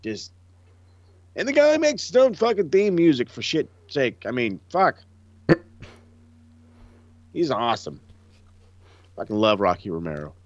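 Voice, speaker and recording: A man chatting casually on a podcast, loose and profane, jumping into quick impressions mid-story. The recording is dry and a little dull and lo-fi. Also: mid-range voice, dry recording. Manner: animated, profane, acts out quotes. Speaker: podcast co-host. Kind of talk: casual wrestling chat.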